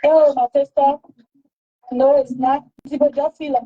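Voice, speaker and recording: A woman's voice: high voice, fairly even intonation, a little fast. A woman, talking emphatically and repeating herself in heated casual talk. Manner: emphatic, repetitive. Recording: dull lo-fi recording.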